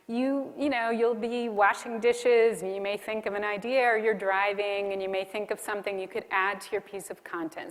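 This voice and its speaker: A woman giving a friendly, practical conference keynote talk. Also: mid-range voice. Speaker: keynote speaker. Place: conference hall. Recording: reverberant hall.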